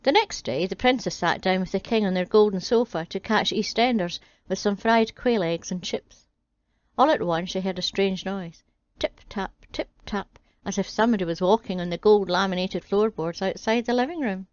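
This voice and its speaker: A woman's voice: mid-range voice, moderate pace, no echo, lo-fi sound. A woman reading a comic fairy tale as a storyteller, with a dry, wry delivery.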